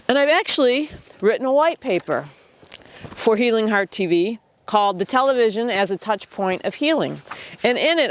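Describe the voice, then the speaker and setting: Lady host, earnest and a bit choked up, smooth clear voice, super dry close sound. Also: mid-range voice, no room sound. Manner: earnest, reflective, with pauses and restarts. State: emotional. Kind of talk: personal talk to camera.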